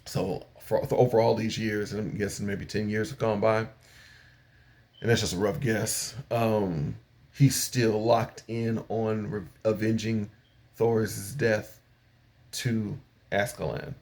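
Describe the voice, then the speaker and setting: An older man with a fairly low voice and a gravelly rasp to it talks through an episode of a show. He retells the plot in a loose, rambling way, padding it with fillers and paraphrasing what the characters say. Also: flat delivery, slow pace, darkish tone. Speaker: anime reviewer. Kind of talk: casual episode recap.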